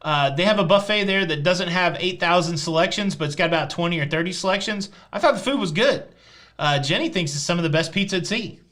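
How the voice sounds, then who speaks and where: A man with a Southern Tennessee accent hosting a live cruise chat show, answering viewer questions with a teasing, deadpan sense of humor. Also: high-pitched, fast talker. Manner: joking and teasing, deadpan jokes.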